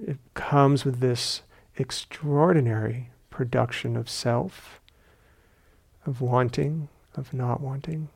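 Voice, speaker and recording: Speaking in a gravelly voice edged with fry and pitched in the middle range, a meditation teacher gives a dharma talk at a meditation retreat center. His manner is reflective and unhurried, touched with gentle humor.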